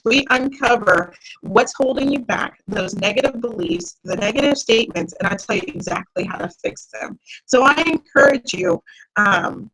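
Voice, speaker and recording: A woman's voice: fairly high pitch, a bit bright, poor audio. A woman mindset coach leading a live online workshop, talking directly and encouragingly to her viewers. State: tired, yawning.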